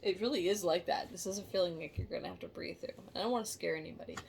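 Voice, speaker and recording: A woman giving a casual tarot reading to camera, halting and emotional, sighing and musing aloud. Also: fairly low pitch, creaky, darkish tone, slight background noise. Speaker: tarot reader.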